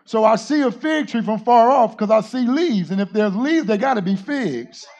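A male pastor preaching a sermon, often shouting to his congregation and calling on them to answer. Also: sits high, animated, normal speed, highs cut off.

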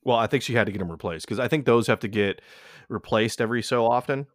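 Brief: young adult male host, crude casual storyteller, rambling, mid pitch, dry close mic. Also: fast, no echo. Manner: rambling, profane, many restarts.

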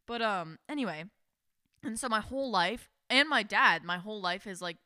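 A young woman tells a story on a podcast in loose, animated chat, leaning on "like" and acting out what people said. Her voice is bright and smooth. The sound is dry and close. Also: medium pitch, moderate pace, dry recording. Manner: animated, heavy use of "like", acts out quotes. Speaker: podcast co-host.

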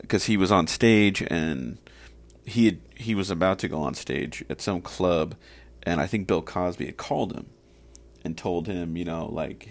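A man hosting a solo podcast, ranting casually with heavy profanity and rambling asides. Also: low voice. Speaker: podcast host.

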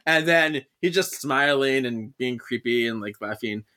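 A man's voice: mid-range voice, fairly even intonation, moderate pace, hardly any pauses, bright, forceful tone. A man co-hosting a podcast, giggly and breezy as he recaps a comic. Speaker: podcast co-host. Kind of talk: casual chat, retelling a comic.

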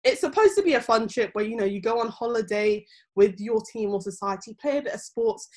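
A woman's voice: fairly high pitch, lively intonation, fairly quick, darkish tone. Rambling young woman telling stories. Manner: rambling storytelling with many fillers. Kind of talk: casual chat.

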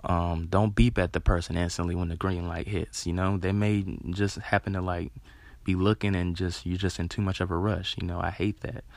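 Deep gravelly man, earnest casual pep talk. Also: level tone, moderate pace, darkish tone, no echo. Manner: rambling, earnest, frequent "you know", casual swearing. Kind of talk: casual motivational talk to camera.

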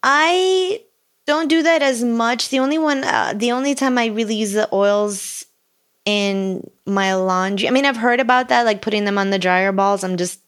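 A woman's voice: on the high side, normal speed, clear, resonant tone. Upbeat woman podcast co-host. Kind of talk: casual chat.

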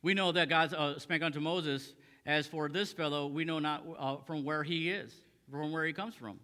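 A man's voice: on the high side, steady tone, normal speed, sharp tone, clear, resonant tone, big-room sound. A man preaching a sermon as a pastor, reading scripture aloud and then restating it in plain talk with frequent fillers and repeated phrases. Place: church sanctuary.

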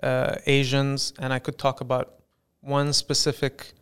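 A young man from the UAE, a stand-up comedian, chatting on a podcast in a blended Western American accent. His voice is gravelly yet clear and smooth, and his pitch sits in an everyday middle range. He talks in a light, joking way. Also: measured pace. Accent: mixed Western American. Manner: lively, jokey, tries on accents. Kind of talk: casual podcast interview.

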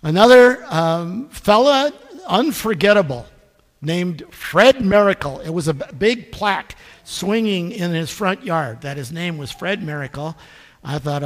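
A man's voice: sits high, normal speed, gravelly. A middle-aged man preaching a sermon as pastor, telling stories with self-deprecating humor. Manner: animated anecdotal storytelling, self-deprecating. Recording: long reverb in a church hall.

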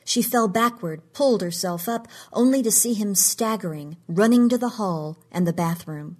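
A woman narrating a story in a measured, even reading. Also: medium pitch.

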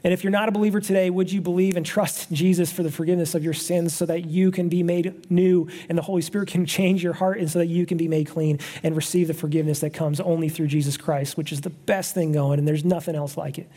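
A man's voice: fairly high pitch, fairly even intonation, fast talker, hardly any pauses, dark tone. A man preaching a sermon as pastor, earnest and conversational, often checking in with his listeners. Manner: earnest, conversational preaching with frequent "right?" asides.

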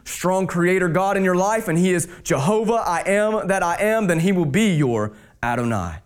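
A man pastor preaching a sermon, dropping his voice low and slow on key words for emphasis. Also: smooth.

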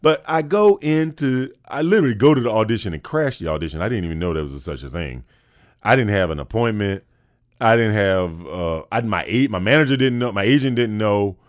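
A man from with a bass voice, telling a funny story in an animated way. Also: brisk. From North Carolina, USA. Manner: lively, acts out the other people in his story. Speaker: guest.

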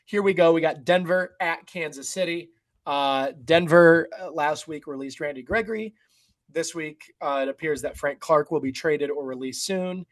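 A man co-hosting a sports podcast, leading the game preview in a relaxed, conversational way. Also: fairly high pitch, normal speed. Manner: relaxed and conversational, says "like" and "uh" a lot. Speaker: co-host running the game preview. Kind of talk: casual sports podcast chat.

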